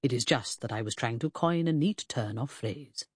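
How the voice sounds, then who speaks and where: A woman's voice: very deep voice, moderate pace, slightly rough, no room sound, pitched below the performer's own voice. A woman voicing a pedantic male Victorian detective in an audiobook, dry and precise. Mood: deadpan.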